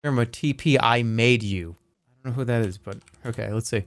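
There's no echo on this man's mid-range voice. In his thirties, he streams a game, chatting and joking casually, reacting fast, and reading the chat out loud as he goes.

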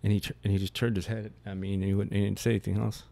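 A man with a deep voice and a rough, gravelly edge, speaking as a podcast guest. He tells his story in a blunt, plainspoken way. His talk is candid and conversational, not scripted. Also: flat delivery, rapid-fire, mellow. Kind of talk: candid conversation about grief.

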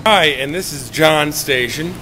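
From behind a handheld camera, a middle-aged vlogger jokes around with his friends, ribbing them in a mock-formal, playful tone. He speaks unhurriedly in a slightly high voice, with a crowd audible behind him and noisy audio overall.

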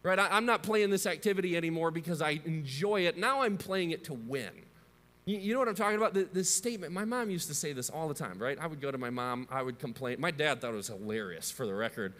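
Conversational pastor in a reverberant church. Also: male voice, on the high side, lively intonation, fast talker, fairly bright tone. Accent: American Midwest. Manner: conversational, asks the audience questions. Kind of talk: sermon. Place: church sanctuary. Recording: long hall reverb.

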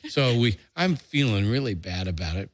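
An older man tells a story with a husky, slightly low voice, heard close and dry with no room around it. He jumps up in pitch to act out what people said and curses freely along the way. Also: moderate pace, no echo. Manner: lively storyteller who acts out quotes in a raised voice and swears freely. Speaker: storyteller guest. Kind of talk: casual anecdote told to a relative.

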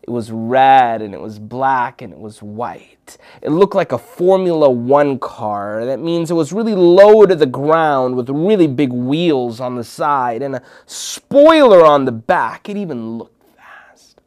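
A man's voice: mid-range voice, big pitch swings, unhurried, a little mellow. A man from Minnesota hosting a children's show, telling a story dramatically and dropping into whispers for suspense. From Minnesota, United States. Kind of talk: storytelling for kids.

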